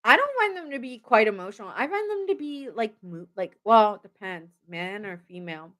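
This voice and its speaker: A woman's voice: medium pitch, animated, brisk, a bit bright. A young woman giving a casual live tarot reading. She rambles, laughs often and chats with her viewers. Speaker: tarot reader.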